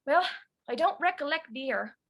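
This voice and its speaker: A woman's voice: sits high, lively intonation, moderate pace, dull audio. A woman voicing an old grandfather with a put-on Irish accent, telling a folksy memory for a storybook. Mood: reminiscing.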